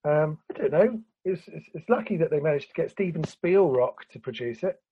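A man's voice: a little high, expressive, brisk, a little hiss or hum. A man ranting in casual chat, laughing and swearing as he picks apart an old cartoon film. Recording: lo-fi recording.

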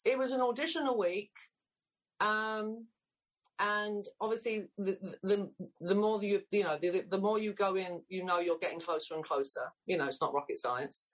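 A woman's voice: mid-range voice, normal speed, poor audio. A woman of around sixty with an English accent, an actress telling stories in a blunt, candid way as an interview guest. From England. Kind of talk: casual interview chat.

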